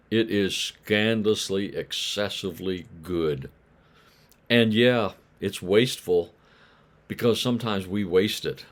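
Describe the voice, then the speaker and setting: In a deep voice, a man preaches a daily Bible devotional conversationally, putting questions to his listeners and acting out the voices of grumbling neighbors.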